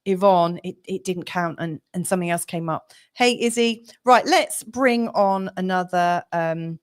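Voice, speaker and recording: A woman's voice: on the low side, measured pace, clear, resonant tone. A woman hosting a live-streamed astrology reading, chatty and rambling with lots of fillers, sympathetic and encouraging toward her viewers.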